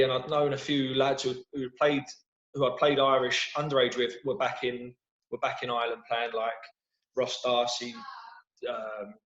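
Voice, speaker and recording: A London-accented man talks casually through an interview, often restarting and repeating words as he goes. His voice sits at an average pitch. It comes over a video call that sounds roomy and dull. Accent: London English. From London, England. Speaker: football manager guest.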